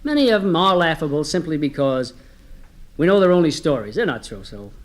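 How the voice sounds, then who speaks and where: Chatty higher-voiced male joke-teller. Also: big pitch swings, brisk. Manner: chatty, homespun, addresses listeners directly. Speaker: comedy storyteller. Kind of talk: folksy joke-telling on a comedy record.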